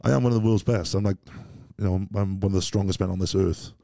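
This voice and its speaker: A man's voice: low-pitched, steady tone, fast talker, vocal fry, dark tone, dry recording, clean studio sound. A Welsh man telling rambling, self-doubting stories as a guest in a casual interview, swearing bluntly. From Wales. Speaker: podcast guest.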